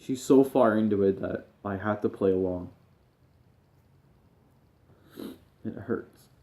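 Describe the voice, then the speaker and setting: A man, a gaming streamer, speaking to camera while grieving and near tears. He talks in a halting, emotional way and often trails off quietly. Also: on the low side. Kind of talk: personal talk to camera.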